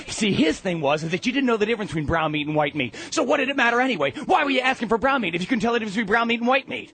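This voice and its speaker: A man telling a comic family story in a theatrical way, swinging from loud to hushed. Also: high voice, animated, racing, few pauses, faint music behind.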